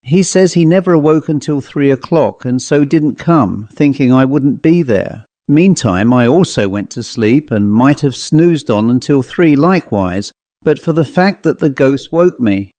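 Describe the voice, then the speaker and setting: A boastful young office clerk, played by a male reader, spinning a tall tale in a sly, teasing voice pitched a little above the narration. The tone is mellow and warm, recorded close and dry. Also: animated, a little slow, no room sound, natural voice.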